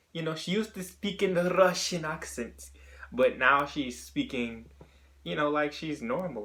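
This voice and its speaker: A man's voice: medium pitch, fairly bright tone. A man talking through his opinions in a casual solo monologue, thinking aloud and often rephrasing mid-sentence. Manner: chatty and opinionated. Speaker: wrestling vlogger.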